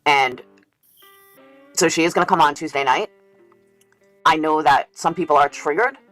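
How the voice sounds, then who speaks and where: An earnest speaker in a replayed stream clip comments casually and explains points with examples. The mid-pitched voice sounds dry and close, with faint music underneath. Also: normal speed, a bit bright, no echo, rough recording.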